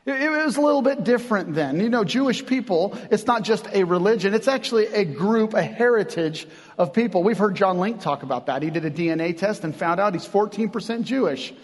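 Pastor, male, high-pitched voice, lively conversational sermon delivery in a church with long reverb. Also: fairly quick, hardly any pauses. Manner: animated, conversational preaching with acted-out quotes.

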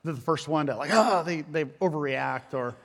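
A loud, animated male pastor in his thirties, mixing self-mocking humor into a sermon. His voice sits somewhat high. A long reverb trails after him, as in a big hall. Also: normal speed, gravelly.

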